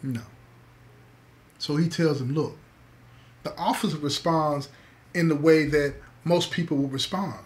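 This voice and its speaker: A man's voice: a little high, fairly even intonation, a little slow, pauses often. A man telling a story to listeners, emphatic, repeating key words and calling them "y'all". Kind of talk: spoken storytelling to an audience.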